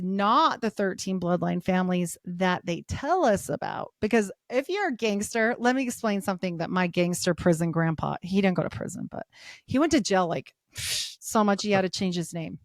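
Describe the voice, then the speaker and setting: A woman in her thirties chats as a podcast guest, her voice sitting mid-range and recorded close and dry with no room around it. She tells funny stories at a lively clip, laughs often and slips into a higher voice to quote the people in them. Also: normal speed, no room sound. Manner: animated storyteller, acts out quotes in a higher voice; laughs often, swears casually. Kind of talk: casual podcast chat.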